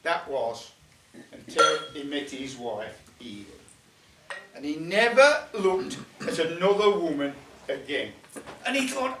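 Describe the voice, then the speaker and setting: An older man spins a yarn at a folk club, his voice high and swinging widely in pitch. He chats and jokes in dialect. The recording is roomy and echoey, with him some way from the mic. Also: big pitch swings, unhurried, a bit bright. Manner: chatty, jokey, dialect phrasing. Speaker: storyteller. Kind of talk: live folk club storytelling. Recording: echoey room, mic at a distance.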